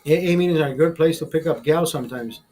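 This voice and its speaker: A man's voice: fairly high pitch, quick pace, a little mellow, soft background music. A young man, the host, telling a long casual story in a rambling, heavily profane way. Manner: profane, rambling, mimics voices.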